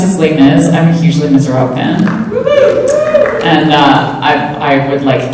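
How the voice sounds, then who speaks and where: Low-voiced woman in an echoey hall. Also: recorded from a distance, background noise. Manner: chatty, self-deprecating, animated storytelling. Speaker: panel guest. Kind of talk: convention Q&A answers. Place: large convention hall.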